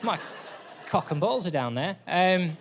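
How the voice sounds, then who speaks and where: Deadpan stand-up comedian. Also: male voice, fairly high pitch, brisk, heavy background noise. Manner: deadpan, self-deprecating, wry. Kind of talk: stand-up routine. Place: theatre stage with audience laughter.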